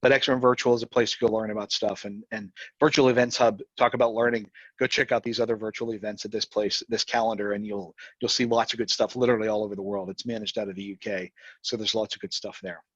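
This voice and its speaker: A man presenting a live software demo, talking fast and rambling, with frequent restarts. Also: on the low side, flat delivery, husky, dry recording, muffled recording.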